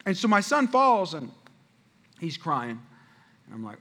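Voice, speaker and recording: A man, a father of five, preaching a sermon with animated storytelling, talking straight to the congregation. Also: mid-range voice, normal speed, pauses often. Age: adult father. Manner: animated storytelling, addresses the crowd. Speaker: pastor.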